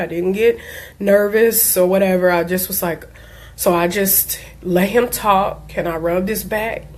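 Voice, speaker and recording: A woman, a diabetes life coach, giving an earnest personal talk and telling a family story with emphasis. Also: mid-range voice.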